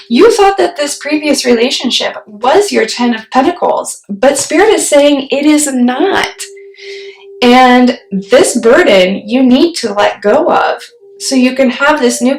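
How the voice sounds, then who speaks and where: Slow, gravelly-voiced woman reading tarot. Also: high-pitched, animated, slight background noise. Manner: slow, musing, talks to spirit mid-reading. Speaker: tarot reader. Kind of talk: solo tarot reading to camera. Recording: roomy echo.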